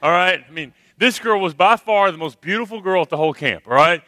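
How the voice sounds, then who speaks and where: A man telling a funny camp story to a youth crowd as a former youth minister, animated and tagging his sentences with "okay? all right?". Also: high voice, a little fast, dry recording. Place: live youth camp worship service.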